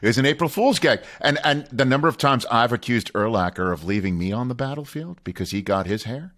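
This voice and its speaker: A man's voice: mid-range voice, lively intonation, brisk, a bit bright. A man hosting a casual interview, easygoing and jokey. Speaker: talk show host.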